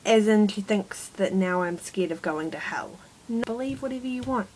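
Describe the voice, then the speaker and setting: A woman's voice: mid-range voice, lively intonation, moderate pace, darkish tone, a little hiss or hum, low-quality recording. A woman vlogger telling a rambling, exasperated storytime about her day, self-mocking as she goes. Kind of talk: casual storytime monologue.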